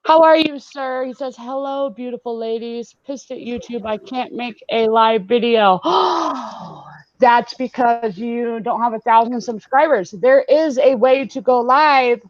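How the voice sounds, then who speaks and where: A bubbly, somewhat high-voiced woman hosts a live online hangout, chatting and laughing as she reads out viewer comments. Her voice is dry and close but comes through dull, lo-fi video call audio. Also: a little slow, no echo. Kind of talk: casual live-stream chat.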